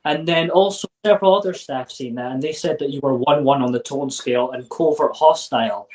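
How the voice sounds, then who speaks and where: A man talks frankly as a guest in a casual interview, stumbling over his words and restarting as he goes. He swears without hesitation. His voice sounds set back from the microphone, at a middling pitch for a man. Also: brisk, background noise. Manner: candid, restarts often, blunt swearing. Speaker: interview guest, former member. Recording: voice sounds distant from mic.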